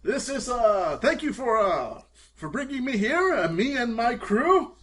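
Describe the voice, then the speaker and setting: Slow, high, drawling male player. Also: sing-song, a bit bright, a little hiss or hum. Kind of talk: casual role-play as a vain movie star.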